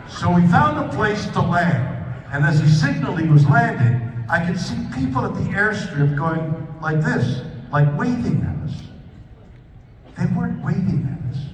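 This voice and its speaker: On stage as a guest speaker, a man with a high-sitting voice and lively intonation spins a rambling anecdote at his own expense, restarting often. He keeps a measured pace. Slight background noise comes through, and the echoey convention hall is recorded from a distance.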